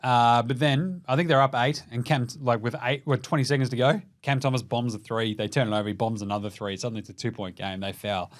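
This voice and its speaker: A young Australian man rattles through the night's basketball scores in a loose, profane chat. He jokes a lot, slips into mock voices, and his pitch sits in the ordinary middle for a man. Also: quick pace, few pauses. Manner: sweary, animated, jokey with mock voices. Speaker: basketball podcast host. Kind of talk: casual sports recap.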